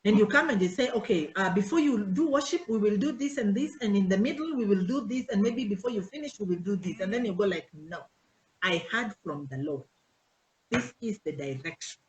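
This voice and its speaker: A pastor's wife gives an informal church teaching to her worship team, animatedly acting out conversations in changing voices. Her mid-range voice moves fast with few pauses. The room is echoey and the audio dull.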